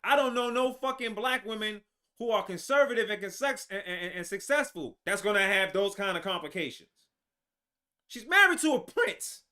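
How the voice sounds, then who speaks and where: A man hosting his own commentary show, ranting in a heated, profane way and tripping over his own restarts. His voice sits high and sharp-toned. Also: lively intonation, moderate pace. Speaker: show host.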